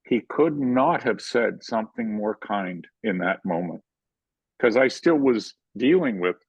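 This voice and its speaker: An older man, a filmmaker, telling animated stories in an interview and acting out the quotes. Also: lowish voice, a little slow, husky, dry recording, highs cut off. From Canada. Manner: animated anecdotal storytelling, acts out quotes. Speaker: guest filmmaker. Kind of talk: storytelling in a conversational interview.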